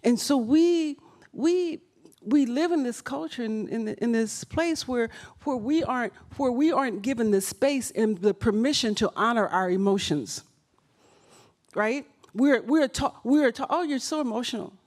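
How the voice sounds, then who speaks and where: High-voiced woman leading a workshop. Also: animated, unhurried, darkish tone. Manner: repeats and restarts phrases, emphatic. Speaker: workshop leader. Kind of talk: live workshop talk. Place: event room.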